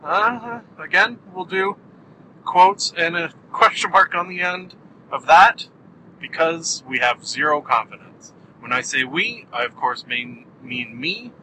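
Male podcast host, solo show: very bright, tense tone, slightly high voice, joking and self-mocking, faint noise behind. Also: animated, a little slow, poor audio. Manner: playful and self-mocking, with jokey asides.

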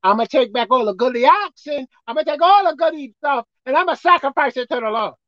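A woman preacher voicing a greedy male king of old, boastful and rushing as he lists his plunder. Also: high-pitched, expressive, a bit bright, no room sound, lo-fi sound. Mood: scheming.

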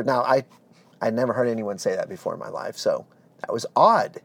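Earnest man telling his story, lively pitch. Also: fairly quick, gravelly, no echo. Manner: earnest, animated, drops to a hush for heavy moments. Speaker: speaker giving a personal testimony. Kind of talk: storytelling testimony.

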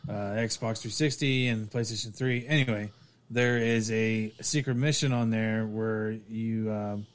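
A man's voice: fairly even intonation, measured pace, smooth. Rambling man telling a story. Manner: rambling storyteller, acts out quotes with raised pitch. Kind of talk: casual chat.

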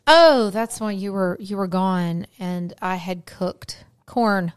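A woman's voice: medium pitch, takes it slowly, clear, resonant tone, no room sound, studio quality. A middle-aged woman, chatting casually as a podcast co-host and telling family stories. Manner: storytelling, chatty, drops to near-whisper asides. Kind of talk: casual chat.

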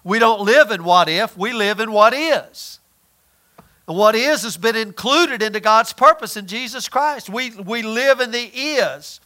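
A man's voice: sits high, animated, a little slow, pushed and bright. A man preaching a conversational sermon, often repeating words and asking his listeners questions.

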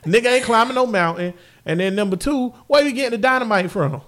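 A young man, co-hosting a casual podcast, loud and profane, rambling and laughing often. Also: high voice, animated, fast talker. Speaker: podcast co-host.

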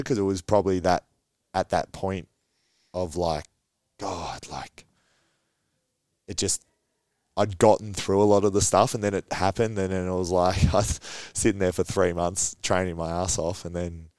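A man's voice: low voice, a little mellow, no echo. A young Australian man, a footballer and podcast guest, telling stories in an easygoing way with frequent laughs. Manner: easygoing storyteller, laughs often, many fillers. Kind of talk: casual podcast chat.

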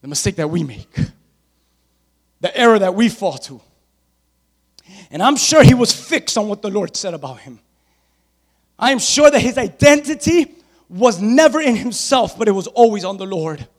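A man preaching a sermon, repeating his points with rising force until he shouts. His voice sits very high for a man. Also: very animated, moderate pace, long pauses, long reverb tail. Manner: emphatic repetition, building to shouts.

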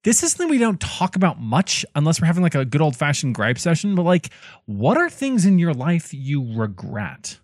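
A male podcast co-host with a playful, lively voice that rises and falls a lot. He steers the chat with questions. The sound is dry and close, with no room in it. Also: fairly high pitch, normal speed, dry recording. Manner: playful, animated, leads the questions.

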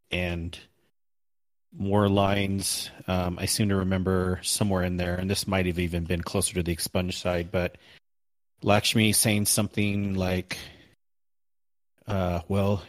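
A man's voice: sits low, dry recording. A man co-hosting a casual gaming podcast, rambling and correcting himself as he recalls story missions. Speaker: podcast co-host.

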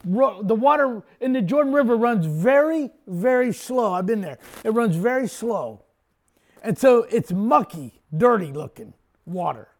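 An older male pastor delivers a sermon, telling the story with emphasis and now and then bursting into shouts. His voice is very high.

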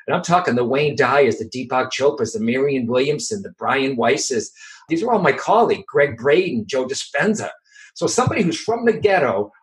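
A middle-aged man with a Boston accent, a medium and author chatting casually in an interview, animated and full of restarts. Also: mid-range voice, rough recording.

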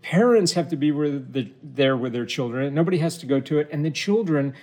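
A man's voice: a little high, lively intonation, brisk, a little mellow. A man breaking into giggles. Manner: giggly, keeps breaking into laughter while reading aloud. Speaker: host. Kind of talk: casual unscripted chat.

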